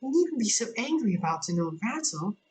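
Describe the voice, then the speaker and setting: A woman voicing Alice, an earnest, prim young girl, with a high, pleading voice. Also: very animated. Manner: high, pleading, slowed delivery.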